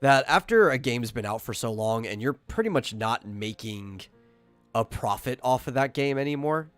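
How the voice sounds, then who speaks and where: A man's voice: mid-range voice, expressive, normal speed, no echo, faint music behind. A man co-hosting a casual online talk show, chatty and opinionated, often repeating words as he starts. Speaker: podcast co-host. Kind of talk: casual chat.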